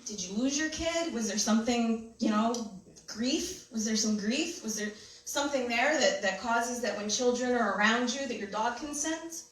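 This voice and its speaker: A woman giving an animated talk to an audience, telling a personal story and laughing often. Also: fairly high pitch, normal speed, slight background noise. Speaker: speaker. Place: large room with an audience. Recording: echoey hall from far off.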